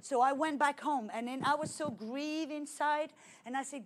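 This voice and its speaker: A middle-aged woman from France with a French accent, preaching a personal testimony with dramatic swings from loud to hushed. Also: high-pitched, normal speed. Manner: animated storytelling with dramatic swings in loudness. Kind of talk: testimony sermon.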